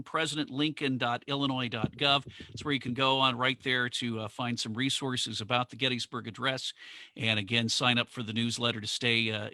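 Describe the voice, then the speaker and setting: A man's voice: mid-range voice, pushed and bright, dry recording. A man hosting a museum's live online Q and A, talking in a friendly, conversational way and reading out viewer questions. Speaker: museum livestream host.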